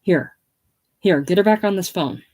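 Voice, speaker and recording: A woman's voice: fairly low pitch, moderate pace, darkish tone, close to an everyday voice. A woman reading the part of a pushy, ambitious young man who hisses his demands. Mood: demanding. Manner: hissing, insistent. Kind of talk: casual play reading.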